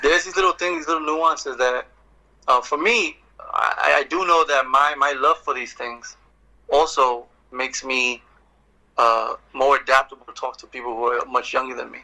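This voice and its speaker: Bright, animated man telling stories. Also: mid-range voice, moderate pace, low-quality recording. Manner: animated, profane storyteller, acts out exchanges. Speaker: poet and guest. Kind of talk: casual podcast conversation.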